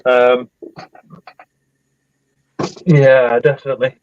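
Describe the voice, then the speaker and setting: A man's voice: medium pitch, level tone, takes it slowly, a little mellow, slight background noise. A man with a Liverpool accent hosting a live stream, chatting casually and reading out viewer comments. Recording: dull, dry lo-fi webcam mic.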